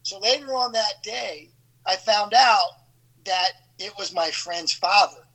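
A man in his fifties telling a story in casual chat as a podcast host, animated and acting out quoted voices. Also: sits high, measured pace, poor audio. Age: 50s.

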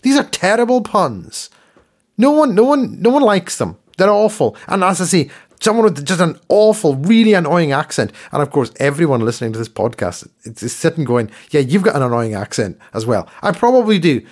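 Male podcast co-host, higher register, casual ranting chat. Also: big pitch swings, moderate pace, a little mellow. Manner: ranting, repeats words when worked up.

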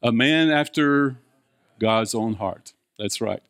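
A man's voice: medium pitch, slow pace, fairly bright tone, no room sound, studio quality. An older man, preaching a folksy sermon, chatting with the congregation, asking questions and chuckling often.

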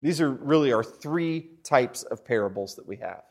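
A man preaching a sermon with animated delivery, stumbling over repeated words and often asking "right?". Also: mid-range voice, normal speed. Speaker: pastor.

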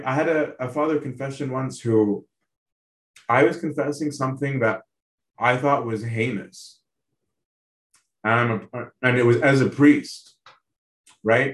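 A man preaches as a priest, talking earnestly to his listeners and checking in with them as he goes. His voice sits at an ordinary middle pitch. The recording carries a noticeable roomy echo. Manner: earnest, asks listeners direct questions; conversational, tags lines with "right?". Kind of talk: sermon on a Bible passage.

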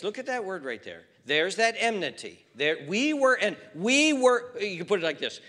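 Brief: male pastor preaching, high and animated, echoing sanctuary. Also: moderate pace, few pauses. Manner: emphatic, building from quiet to fervent. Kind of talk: sermon.

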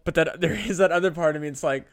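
A young man co-hosting a casual comedy podcast, swearing, laughing and tossing in quick comic quips. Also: fairly high pitch, no room sound, studio quality. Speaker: podcast co-host.

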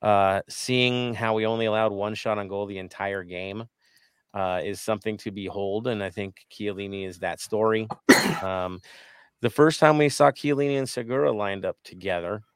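A man with a fairly low voice hosts a casual sports talk show. He rambles, restarts his sentences and leans on fillers as he hands questions to his panel. The sound is dry and close to the mic. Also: normal speed, smooth, dry recording. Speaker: podcast host.

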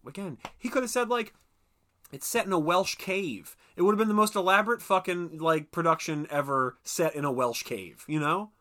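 A man's voice: a little high, brisk, hardly any pauses, bright, forceful tone. A man co-hosting a podcast in casual chat, rambling and swearing with plenty of fillers. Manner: rambling, profane, lots of fillers and asides. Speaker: podcast co-host.

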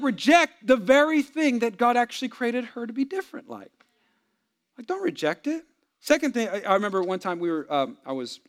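The pastor's voice is medium in pitch as he preaches to the congregation about marriage. His delivery alternates between hushed asides and loud, animated stretches.

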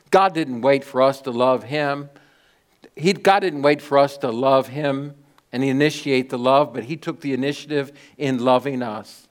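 A middle-aged man preaching a sermon as pastor, telling stories and stressing key words with sudden lifts and soft drops. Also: mid-range voice. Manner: storytelling preacher with emphatic rises and soft drops.

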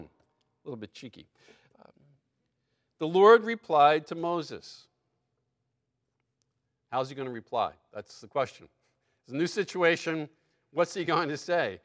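A man preaching a sermon, reading scripture aloud with lively emphasis and breaking into asides and small laughs. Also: a little high, a little slow, pauses often.

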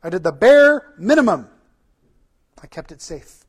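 A timid servant mutters his excuses in a soft, hesitant voice, as a man puts him on. His tone is fairly high and defensive. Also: big pitch swings, measured pace, slightly rough, heavily acted.

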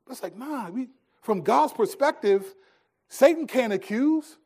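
A middle-aged male pastor preaching a sermon, telling stories and swinging between hushed, slow lines and emphatic ones. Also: very high voice, expressive, breathy edge.

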